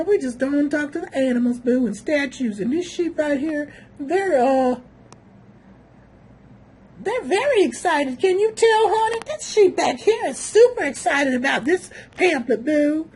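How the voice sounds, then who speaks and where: Sassy high-voiced woman commentator. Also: animated, normal speed, darkish tone. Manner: sassy, calls viewers boo and honey. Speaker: video commentator. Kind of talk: casual mocking commentary.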